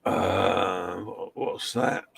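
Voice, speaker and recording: A man's voice: low-pitched, extremely slow, gravelly, a bit bright, slightly rough. A man co-hosting a casual live stream, chummy and joking as he reads out chat comments. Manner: chummy banter, reads chat messages aloud.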